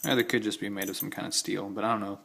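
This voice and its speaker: A man's voice: fairly low pitch, steady tone, racing, vocal fry, a bit bright. A young man casually showing off old-style knives and keys, rambling and correcting himself with enthusiastic asides. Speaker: knife collector showing his gear. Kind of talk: casual show-and-tell vlog.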